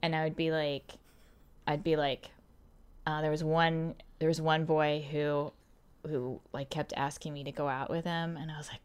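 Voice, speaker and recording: A woman co-hosting a podcast, telling stories in a casual chat with lively mimicry of others. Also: sits low, moderate pace, clean tone. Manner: animated storyteller, mimics others with sudden loud outbursts. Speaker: podcast co-host.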